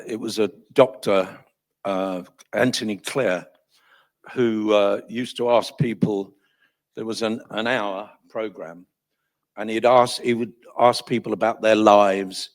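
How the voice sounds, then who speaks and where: A man in his seventies telling an animated story at a talk, his voice failing and strained, chatty and self-deprecating. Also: lowish voice. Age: 70s. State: voice failing, coughing. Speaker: guest speaker.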